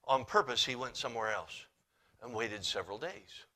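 A man preaching a sermon, reading scripture in old-fashioned wording and swinging between hushed, quiet passages and loud, emphatic ones. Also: mid-range voice, lively intonation, normal speed. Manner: reads scripture in King James wording.

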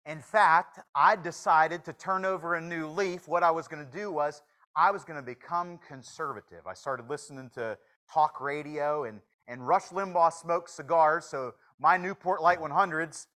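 A man preaching a sermon in a folksy, joking manner, swinging from hushed confession to loud exclamations. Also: fairly high pitch, moderate pace, rough recording. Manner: shifts from hushed to shouting.

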